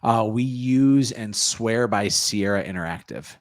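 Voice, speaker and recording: Man, lowish voice, dry close sound, upbeat coach talk, plugs his books and apps. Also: unhurried, no room sound. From North Dakota. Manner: energetic, salesy, plugs his offers. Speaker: guest, real estate coach. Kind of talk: casual interview answers.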